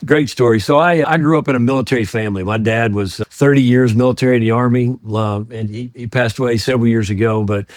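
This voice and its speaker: A middle-aged man from Georgia, a guest on a podcast, telling stories in a warm, enthusiastic way and laughing easily. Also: medium pitch, fairly even intonation, fast talker, hardly any pauses, no echo. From US, grew up in Georgia. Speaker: podcast guest, ministry founder. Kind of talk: casual interview storytelling.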